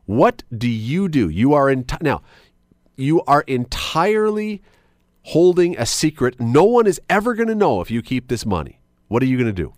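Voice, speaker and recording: Sing-song and darkish in tone, a mid-range male voice moves at a moderate pace as the host of a call-in radio show. Chatty and musing, he sets up a question for his audience, and the studio mic captures it with no room sound.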